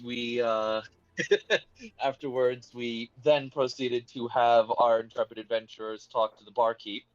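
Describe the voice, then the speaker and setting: A man's voice: medium pitch, highs cut off. A man casually recapping a tabletop game session, rambling with lots of fillers. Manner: rambling, hesitant with many fillers. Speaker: player giving session recap.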